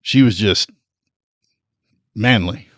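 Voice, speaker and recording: A man co-hosting a podcast, chatting about a film in a relaxed way, laughing and trailing off mid-sentence. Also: lowish voice, takes it slowly, no room sound. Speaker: podcast co-host. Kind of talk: casual movie chat.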